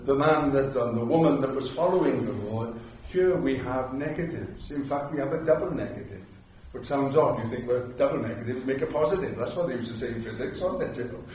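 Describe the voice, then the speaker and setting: A man's voice: medium pitch, a little mellow, slight background noise. An older man with a Welsh accent preaching a sermon in a chapel, telling stories and repeating phrases for emphasis. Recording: very echoey chapel, mic far off.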